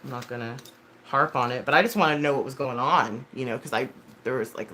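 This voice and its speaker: Her voice is bass-deep yet pushed and bright, moving a little fast over slight background noise. This thirty-something streamer talks loosely with her audience, bluntly and with plenty of profanity, wandering off topic and correcting herself amid constant fillers.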